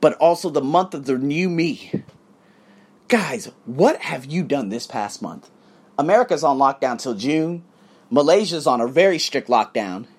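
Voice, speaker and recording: Husky, animated man preaching profanely. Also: on the high side, unhurried. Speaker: podcast host. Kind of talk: motivational monologue. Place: abroad, living in Thailand.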